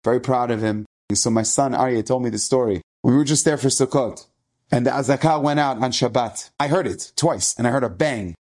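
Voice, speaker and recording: A man's voice: medium pitch, fairly quick, darkish tone. A middle-aged man, a rabbi, telling an inspirational story in an earnest, emphatic way, often repeating his phrases.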